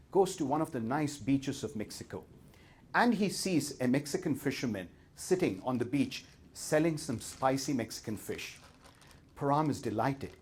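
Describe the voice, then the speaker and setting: A man's voice: mid-range voice, darkish tone, husky. A man with an Indian accent, a professor giving a talk to an audience and telling a story with playful, teasing humor.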